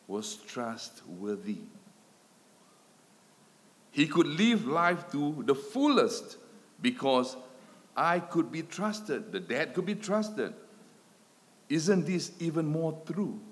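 A man delivers a sermon at a slow, deliberate pace, building phrases with repetition and letting his voice swell, then fall away to near quiet. His voice rings out with a long hall reverb around it, as in a church. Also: fairly high pitch. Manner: dramatic swells and drops in loudness, emphatic repetition. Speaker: preacher.

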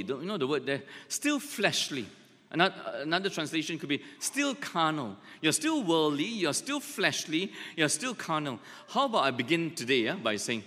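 A man preaching, his fairly high voice swinging widely as he leans on repeated phrases. The tone is bright and forceful, carried through a church hall with a long reverb tail. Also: very animated, normal speed. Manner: emphatic, repeats points, joking asides. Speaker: pastor. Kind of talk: sermon.

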